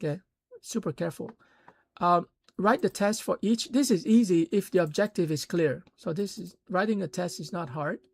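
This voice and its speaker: A man's voice: high voice, normal speed, creaky, breathy edge. A man casually explaining steps of building a course, talking conversationally with fillers and rising into emphatic bursts. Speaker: course creator teaching online. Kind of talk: casual instructional talk.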